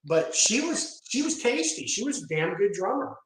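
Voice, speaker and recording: A man's voice: high-pitched, very animated, normal speed, fairly bright tone. A man co-hosting a podcast, chatting with enthusiasm. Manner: enthusiastic, chatty music talk. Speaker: podcast co-host. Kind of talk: casual chat. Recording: echoey room.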